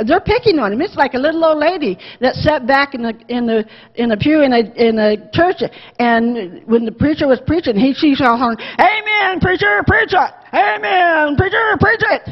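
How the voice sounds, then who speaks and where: Woman, high voice, Sunday school teacher, animated, acts out quotes, long church reverb, muffled lo-fi recording. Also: normal speed. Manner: animated, acts out quotes, asks class questions. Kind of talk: Bible lesson teaching. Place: church classroom.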